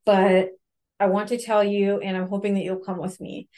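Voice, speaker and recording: A woman's voice: medium pitch, flat delivery, normal speed, mellow, lightly acted. A woman voicing a flustered teenage boy who stammers as he confesses he has committed a crime. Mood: panicked. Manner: hesitant, stammering.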